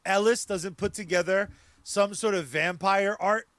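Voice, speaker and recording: A man's voice: high-pitched, fairly even intonation, normal speed, a bit bright, no room sound. A man co-hosting a comedy podcast, rambling and self-deprecating, laughing easily. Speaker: podcast co-host. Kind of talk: casual comedic banter.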